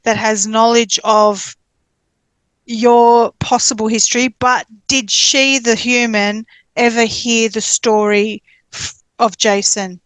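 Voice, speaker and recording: A woman's voice: fairly high pitch, flat delivery, slow pace, dry recording, rough recording. A woman co-hosting a podcast, breaking in to recap the story carefully for listeners. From Australia. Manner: interjects to clarify, recaps carefully. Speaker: podcast co-host. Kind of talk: casual chat.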